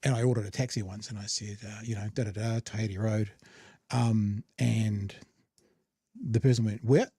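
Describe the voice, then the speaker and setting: A man's voice: on the low side, fairly even intonation, moderate pace, mellow, slightly rough, dry recording, studio quality. A man with a New Zealand accent, hosting a casual chat and telling stories in a chatty, self-deprecating way. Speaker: podcast host.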